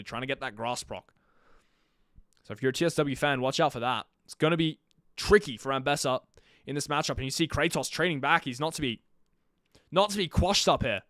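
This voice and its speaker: A young man live-streaming his own commentary on an esports match, chatty with jokey asides and bursts of energetic play-by-play. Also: fairly high pitch, no echo, studio quality.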